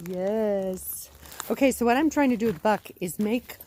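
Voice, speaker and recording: A woman's voice: lively intonation, quick pace, darkish tone, slight background noise. A woman dog trainer teaching recall with a dog at home, upbeat and coaxing. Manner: upbeat, coaxing, high sing-song calls to the dog. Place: outdoors and indoors at a home with a dog.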